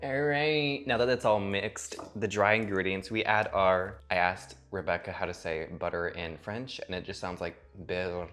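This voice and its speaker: A man's voice: deep voice, moderate pace, hardly any pauses, fairly bright tone. Sarcastic, swearing man in a cooking vlog. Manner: sarcastic, profane, theatrical asides. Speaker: cooking vlogger. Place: home kitchen. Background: faint music.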